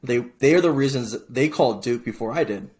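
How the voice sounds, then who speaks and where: A middle-aged man from Hawaii, a podcast guest telling his story in casual, lively chat, often restarting phrases. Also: mid-range voice, a little fast. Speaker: podcast guest, military veteran.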